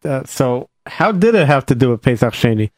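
A man's voice: mid-range voice, big pitch swings, normal speed, darkish tone, no echo. A man listening to a story, responding with short reactions and questions.

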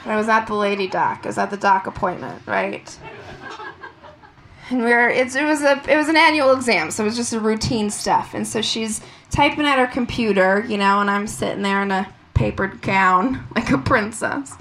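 A woman in her thirties performing a brash stand-up comedy set on a club stage, swinging up into loud shouts. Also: medium pitch, moderate pace. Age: 30s. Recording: noisy live club recording. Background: crowd laughter and room noise.

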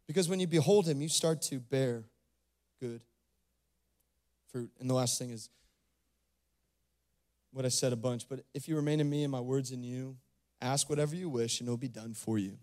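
A male pastor preaching a sermon, animated, often repeating words as he builds. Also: medium pitch, normal speed, pauses often. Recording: loud music behind the voice.

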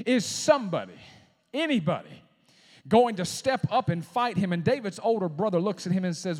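A man preaching a sermon as a pastor, with shouted climaxes and dramatic pauses. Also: high-pitched, animated, long reverb tail.

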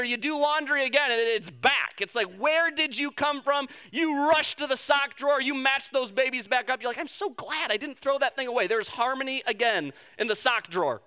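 A man's voice: very high-pitched, bright, forceful tone, clear, resonant tone. A man preaching a sermon, telling a personal story with self-mocking humor and acting out the quotes. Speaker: pastor.

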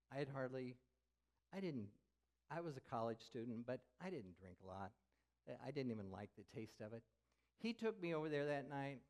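Older male pastor, mid-pitched, sermon delivery, candid confessional storytelling. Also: darkish tone. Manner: candid storytelling, drops to a whisper for effect.

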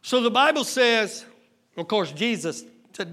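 A male pastor preaching a sermon, moving between quiet storytelling and shouted exhortation, with folksy grammar and questions to the congregation. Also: expressive, unhurried. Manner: builds from low retelling to shouted exhortation.

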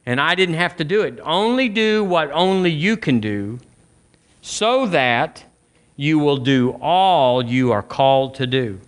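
A man's voice: fairly high pitch, animated, measured pace. Man preaching, chatty and repetitive. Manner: conversational preaching with repetitions and questions to the congregation. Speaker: pastor. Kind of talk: sermon.

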